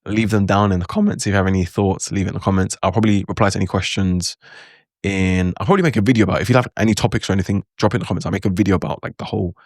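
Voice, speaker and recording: A man with a lowish voice chats loosely to his viewers, full of fillers and restarts. The sound is dry and close, with no room around it. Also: fairly even intonation, racing, a little mellow, no echo. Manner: loose, rambling, with many fillers. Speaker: language-learning vlogger. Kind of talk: casual talk to camera.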